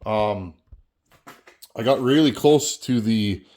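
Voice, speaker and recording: Low-ish and darkish, the voice of a Canadian chainsaw-channel host takes things slowly as he works on a saw. His talk to camera is casual and folksy, with a habit of repeating a word.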